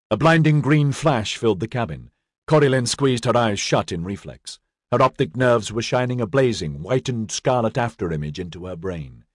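Guy reading a story out loud, husky low voice that moves around a lot. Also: lively intonation, moderate pace, no room sound, studio quality. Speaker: audiobook narrator. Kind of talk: scripted narration.

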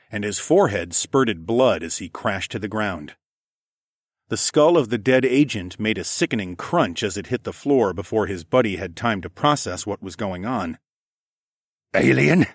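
A man giving steady, matter-of-fact first-person audiobook narration. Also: fairly low pitch, no room sound, studio quality.

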